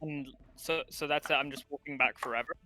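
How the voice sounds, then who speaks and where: A man's voice: fairly high pitch, steady tone, a little fast, bright, forceful tone, soft background music. A man talking casually as a player at a tabletop game, rambling and restarting his sentences.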